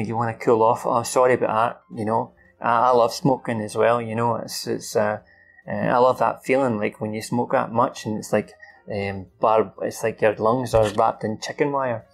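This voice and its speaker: A man's voice: medium pitch, gravelly. A man recapping a film's plot off the cuff, swearing often and acting out the characters' lines. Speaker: film reviewer.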